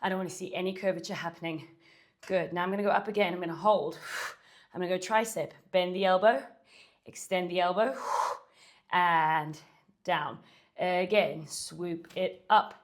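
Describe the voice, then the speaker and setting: A woman's voice: lowish voice, moderate pace, long pauses. Breathless woman coaching a Pilates workout. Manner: counting reps and cueing form while moving, breathy sighs. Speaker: Pilates instructor. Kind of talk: workout instruction while exercising. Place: home studio.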